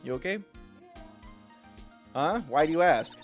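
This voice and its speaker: A man voicing an earnest young defense lawyer in his own plain voice, reading quickly. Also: fairly high pitch, expressive, faint music behind. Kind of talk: reading game dialogue aloud.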